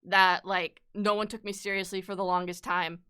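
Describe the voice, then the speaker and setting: A woman's voice: medium pitch, level tone, normal speed, pushed and bright, clean tone. A young woman streaming live, chatting casually and candidly, swearing freely and sounding upset at times. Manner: upset, close to tears at times.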